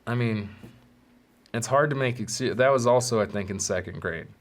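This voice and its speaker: A man's voice: medium pitch, moderate pace. Candid man telling stories on his podcast. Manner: candid, rambling, self-deprecating, acts out quoted voices. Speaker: podcast host. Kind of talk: solo storytelling podcast.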